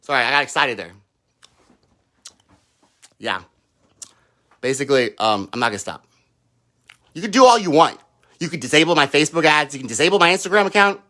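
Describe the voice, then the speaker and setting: A man holds forth in a heated, profane livestream rant, firing off mocking quotes of the people he attacks. His pitch leaps up and down constantly, and his voice has a bright, cutting edge. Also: sing-song, fairly quick, pauses often. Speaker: political livestreamer. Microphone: own microphone.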